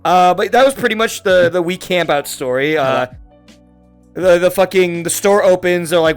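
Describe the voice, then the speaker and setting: A man's voice: on the high side, lively intonation, brisk, clear, resonant tone, faint music behind. A man in his twenties from Florida hosting a podcast, telling a long, rambling story full of swearing and fillers. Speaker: podcast host. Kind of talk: casual chat.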